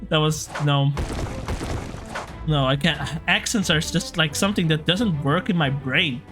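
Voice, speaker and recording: A young man chatting excitedly through his gameplay commentary, reacting out loud to every turn as he plays. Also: a little high, a little slow, music in the background. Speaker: let's play gamer.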